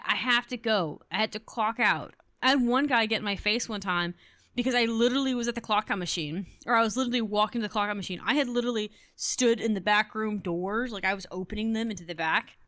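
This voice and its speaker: A chatty young woman in her twenties rambles through stories as she hosts a gaming video. Her voice sits at an ordinary middle pitch. It is recorded dry, with no room echo. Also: fast, a bit bright. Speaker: gaming channel host. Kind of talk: casual chat over gameplay.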